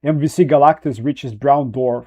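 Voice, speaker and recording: A man's voice: medium pitch, normal speed, a little mellow. A man chatting casually on a livestream, rambling, restarting and correcting himself as he goes. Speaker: streamer.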